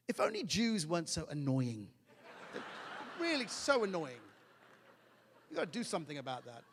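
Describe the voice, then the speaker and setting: Animated high-voiced male stand-up comic. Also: normal speed, long pauses, noisy background. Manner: animated, shifts into mock voices and shouts punchlines. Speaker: stand-up comedian. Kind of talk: live stand-up comedy. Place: large theatre stage before a laughing audience. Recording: live theatre recording with long hall reverb.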